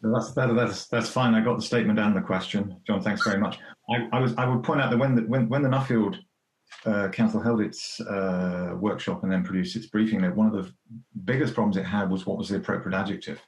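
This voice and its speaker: A man who answers a panel question in a measured, careful way and repeats words as he thinks. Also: lowish voice, steady tone, reverberant.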